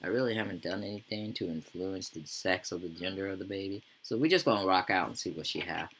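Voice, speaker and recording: A man's voice: deep voice, fast talker, a bit bright, slightly rough, low-quality recording. A man giving casual gameplay commentary as a YouTuber, rambling and full of profane slang. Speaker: gaming YouTuber.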